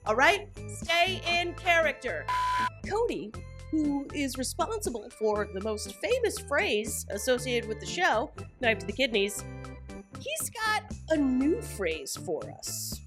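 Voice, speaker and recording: A woman's voice: sits high, big pitch swings, a little slow, music in the background. A woman hosting a reality TV recap, talking in a sarcastic, joking commentary style. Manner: sarcastic, jokey, mock voices.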